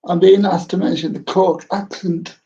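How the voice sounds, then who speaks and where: A man hosting an interview who puts hesitant, halting questions to a guest over a video call. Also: sits high, fairly even intonation, warm tone. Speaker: interview host. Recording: distant, dull lo-fi video call.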